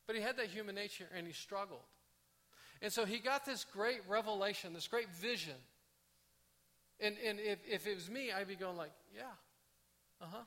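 A man delivers a sermon in a relaxed, conversational way, often stumbling and restarting his phrases. His voice sits high and sounds bright. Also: normal speed. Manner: conversational, animated, with frequent restarts. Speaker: pastor.

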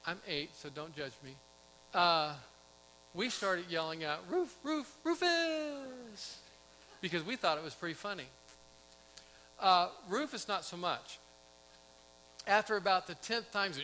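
Middle-aged male pastor, high and bright, chatty sermon delivery with questions to the room; faint hum. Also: rough recording. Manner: conversational storytelling, asks the congregation questions.

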